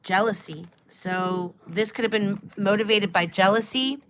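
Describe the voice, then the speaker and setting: A woman's voice: medium pitch, steady tone, a little slow, a little hiss or hum. A woman giving a live-stream tarot reading, musing aloud and trailing off as she asks the cards questions. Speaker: tarot and astrology reader.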